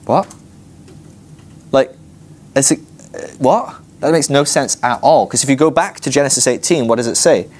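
A man teaching a Bible class, telling the story with animated energy and often laughing at his own points. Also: mid-range voice, moderate pace, long pauses. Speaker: ministry school teacher.

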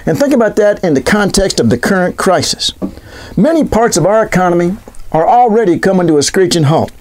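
A man giving a sarcastic, animated political commentary monologue full of rhetorical questions. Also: high-pitched, fairly quick.

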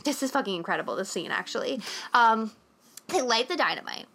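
A woman's voice: fairly high pitch, lively intonation, a little fast, vocal fry, fairly bright tone. A young adult woman co-hosting a podcast, recapping a movie in a rambling, casual way full of swearing and filler words. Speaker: podcast co-host.

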